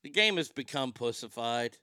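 A man's voice: mid-range voice, expressive, normal speed, pushed and bright, smooth, no room sound, clean studio sound. A man hosting a comedy podcast, ranting off the cuff in a crude, rambling, self-mocking way. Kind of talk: improvised comedic rant.

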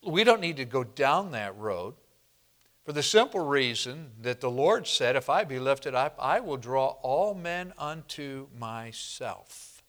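A man preaching a sermon to a congregation, slow and emphatic, often asking the room questions and answering them. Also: mid-range voice, expressive, a bit bright. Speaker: pastor.

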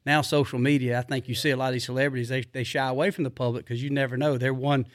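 A man's voice: medium pitch, very fast, no room sound. Man, middle-aged, casual rambling storyteller, dry close sound. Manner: rambling, animated, drawling Southern speech with repeated fillers. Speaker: podcast guest.

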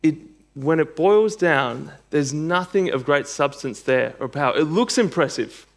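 A male preacher delivering a sermon, reading scripture and then pressing his points with emphatic bursts. His voice sits slightly higher than most men's and carries a steady earnestness. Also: unhurried, vocal fry.

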